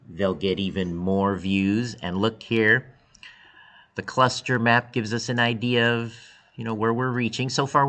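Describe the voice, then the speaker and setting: A male teacher talking to his students in an upbeat, encouraging way in an online class video. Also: a bit bright. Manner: upbeat, encouraging, with big pitch jumps.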